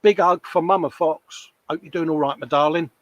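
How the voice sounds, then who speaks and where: A man's voice: on the high side, fairly even intonation, moderate pace, muffled recording, slight background noise. A British man co-hosting a casual live stream from his hobby workshop bench, bantering and reading out viewer comments. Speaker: co-host of a live modelling stream.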